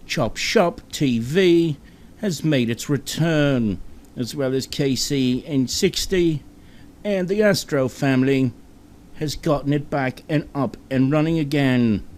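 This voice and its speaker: A man voicing an overdramatic male British TV news reporter, delivering the news in a slow, solemn, melodramatic way. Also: medium pitch, a little mellow, pitched above the performer's own voice, lightly acted. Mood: grandiose.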